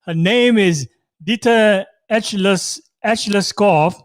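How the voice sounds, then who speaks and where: High-voiced upbeat male host. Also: slow, no echo, clean studio sound. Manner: upbeat, effusive introductions. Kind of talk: live online interview.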